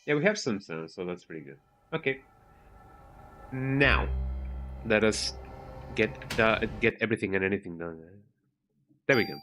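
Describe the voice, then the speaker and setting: A man's voice: lowish voice, animated, moderate pace, pauses often, sharp tone, slight background noise. A man chatting casually while streaming a video game, rambling with many restarts. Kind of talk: casual live-stream commentary. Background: game music.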